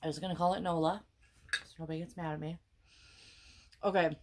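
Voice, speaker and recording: A woman's voice: deep voice, steady tone, brisk, background noise. A young woman with a Wisconsin accent, chatting casually and rambling through tangents while she cooks, tired and pregnant, swearing now and then. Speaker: cooking vlogger. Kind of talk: casual chat while cooking.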